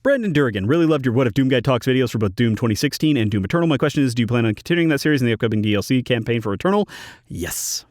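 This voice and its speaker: A man reads out viewer questions in a casual Q&A and answers them bluntly and drily, often in a single word. His pitch moves up and down a lot as he talks. He is recorded close on a studio mic in a dead-sounding booth. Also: expressive, racing, a little mellow, dry recording. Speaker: YouTube channel host. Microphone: studio microphone in a recording booth.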